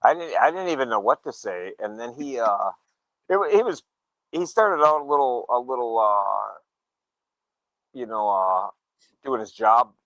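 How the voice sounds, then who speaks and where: A man in casual chat telling a story, acting out the quoted dialogue in a relaxed way. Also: mid-range voice, unhurried, pauses often, no echo, rough recording. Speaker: show regular, motorcyclist.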